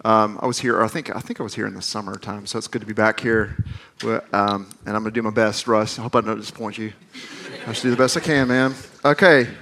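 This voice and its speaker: A man's voice: on the low side, fast talker, a little hiss or hum. Man from the American South, forties, campus minister, sermon with chatty stories and self-deprecating jokes. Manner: conversational, animated, self-deprecating humor. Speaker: campus minister, guest preacher. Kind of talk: sermon with storytelling.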